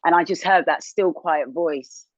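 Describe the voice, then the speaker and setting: A woman's voice: a little slow, dry recording, dull audio. Candid woman sharing a hard story. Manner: candid, animated, swings high when indignant. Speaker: interview guest, TV presenter. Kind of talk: emotional personal testimony.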